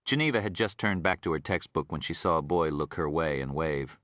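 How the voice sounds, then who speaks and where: A man giving scripted audiobook narration in a steady storytelling delivery. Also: very deep voice, fairly quick, no echo, clean studio sound.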